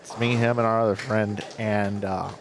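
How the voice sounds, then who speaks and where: A man's voice: fairly low pitch, little pitch movement, normal speed, a little hiss or hum. A man commentating a bowling broadcast, chatting casually, asking curious questions and telling stories.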